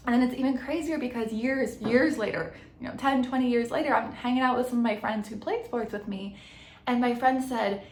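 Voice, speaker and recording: A woman's voice: a little high, a little fast, roomy sound, slight background noise. A woman coach in her thirties telling a personal story on her podcast, earnest and reflective, often restarting and correcting herself mid-sentence.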